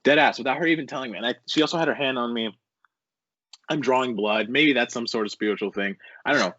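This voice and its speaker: A young man talking as a podcast guest, telling a rambling, animated story full of swearing and filler words. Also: mid-range voice, fast, no room sound. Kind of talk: casual storytelling interview. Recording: dull, dry lo-fi recording.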